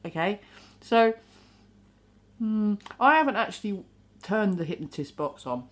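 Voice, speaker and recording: A woman talking to camera in a rambling, animated monologue, swearing now and then. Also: medium pitch, unhurried. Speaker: vlogger.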